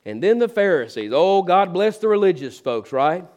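A middle-aged man preaching a sermon, telling a story and acting out the voices of its characters, swinging between loud and hushed. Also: sits high, sing-song, normal speed. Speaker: pastor.

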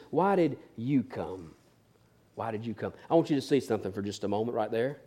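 A preacher delivering a sermon, swinging from loud emphatic peaks to hushed, near-whispered lines. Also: male voice, fairly high pitch.

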